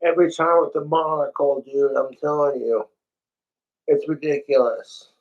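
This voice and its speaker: A man's voice: fairly high pitch, steady tone, moderate pace, a little mellow, far from the mic, dull audio. A man doing a ventriloquist comedy vlog, bantering with his dummy in an exasperated, profane way. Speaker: ventriloquist vlogger.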